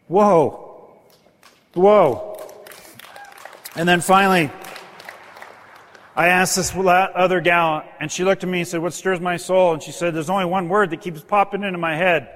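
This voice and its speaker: An earnest man with a high voice tells stories to a live audience. He speaks with feeling, and his voice rings out with a long reverb through a large hall. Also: steady tone, a little fast, fairly bright tone, some chatter behind. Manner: earnest, emotional, rises in pitch when stirred. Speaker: motivational speaker. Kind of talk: storytelling speech to an audience.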